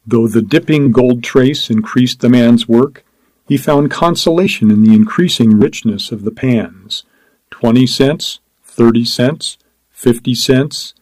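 A man's voice: mid-range voice, darkish tone, no room sound, rough recording. Man narrating a storybook, dry sound. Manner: measured, descriptive reading. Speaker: audiobook narrator. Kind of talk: scripted narration.

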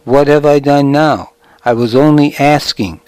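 A man's voice: fairly high pitch, unhurried, a little mellow, clean tone, dry recording, natural voice. A man reading the part of a brash, boastful young shepherd with a whiny way of talking.

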